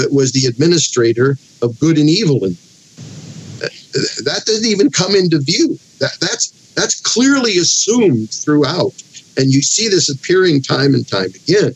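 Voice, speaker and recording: A man gives conversational Bible teaching as a guest pastor, his voice a little husky. He reads passages aloud with emphatic, expressive weight. His pitch swings widely as he explains. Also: rough recording.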